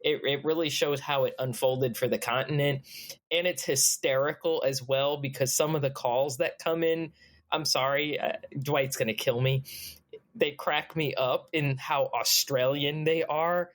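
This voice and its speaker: A woman, chatting as a podcast guest, enthusiastic and quick to laugh. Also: extremely low pitch, steady tone. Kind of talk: casual chat.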